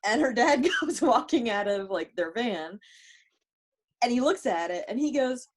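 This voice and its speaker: A woman's voice: fairly high pitch, animated, unhurried. A woman co-hosting a podcast over a video call, telling stories in a chatty, casual way. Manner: chatty storyteller. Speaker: podcast co-host. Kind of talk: casual chat.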